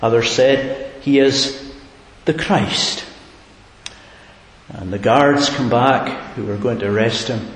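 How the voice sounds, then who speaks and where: A man's voice: mid-range voice, slow pace. Man preaching in an echoey hall. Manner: earnest, rising to emphatic repeated questions. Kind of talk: sermon. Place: church hall. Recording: echoey hall with faint hiss.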